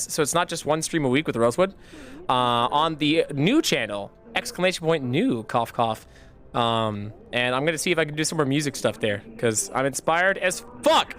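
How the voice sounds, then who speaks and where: Bright-voiced man, casual profane streamer. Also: a little high. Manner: profane, joking, shouts in bursts.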